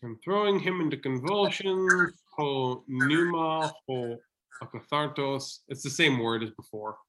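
A man's voice: a little high, unhurried, background noise. A man co-hosting a casual Bible study chat, playfully thinking aloud as he works through Greek words. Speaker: podcast co-host.

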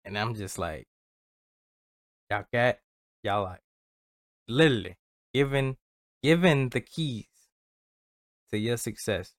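A man's voice: medium pitch, slow pace, pauses often, no room sound, clean studio sound. A man co-hosting a casual motivational podcast, talking in a loose, earnest way with plenty of slang. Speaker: podcast co-host.

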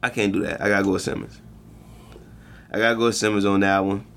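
A man's voice: lowish voice, level tone, fast, creaky, a bit bright, slight background noise. A man co-hosting a casual sports chat, loose and joking with plenty of profanity. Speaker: podcast co-host.

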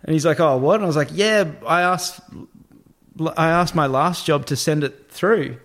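A man's voice: a little high, moderate pace, a bit bright. A man with an Australian accent telling a long personal story in casual chat, swearing freely and acting out what other people said.

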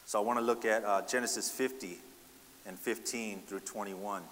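A man's voice: fairly low pitch, steady tone, moderate pace, a bit bright, big-room sound, slight background noise. A man preaching a sermon, asking the congregation rhetorical questions and often adding "right?". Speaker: pastor.

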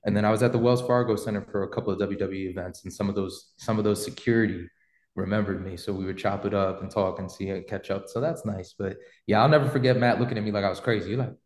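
A man's voice: lowish voice, steady tone, fast, darkish tone, slight background noise. Slangy man telling stories in a roomy space. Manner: slangy, rambling storyteller with many fillers. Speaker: podcast host. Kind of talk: casual storytelling chat.

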